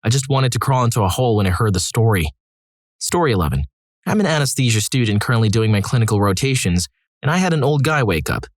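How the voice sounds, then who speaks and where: A man's voice: mid-range voice, expressive, quick pace, no room sound. Man narrating stories, dry close mic. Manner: dry, wry asides between read stories. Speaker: story narrator. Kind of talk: scripted storytelling narration.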